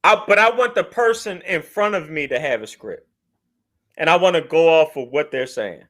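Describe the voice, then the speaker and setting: A joking, animated man co-hosting a casual podcast. His voice is bright and fairly high, and it swings widely in pitch. He laughs easily as he riffs. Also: normal speed. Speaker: podcast co-host. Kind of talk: casual banter.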